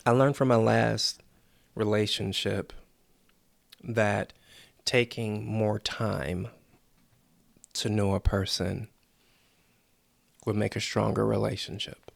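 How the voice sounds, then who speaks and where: A man's voice: on the low side, fairly even intonation, slow pace, creaky, long pauses, no room sound. A man hosting a motivational podcast, coaching earnestly and acting out the inner voices people hear. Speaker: podcast host.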